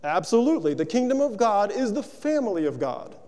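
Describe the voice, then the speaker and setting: A man's voice: high voice, sing-song, fairly quick, warm tone, long reverb tail. A man preaching a sermon, working through rhetorical questions in a loose, conversational way.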